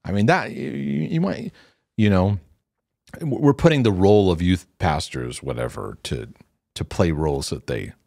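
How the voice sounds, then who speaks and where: A man's voice: low-pitched, moderate pace, gravelly, no echo, clean studio sound. A middle-aged man, a former youth pastor, telling stories in casual teaching talk and acting out the quotes. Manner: animated storytelling with acted quotes and restarts.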